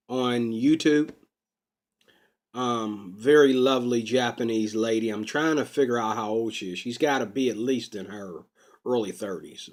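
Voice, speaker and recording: A man talking to camera in a rambling personal vlog, unscripted and full of drawn-out ums. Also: medium pitch. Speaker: vlogger. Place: Pittsburgh.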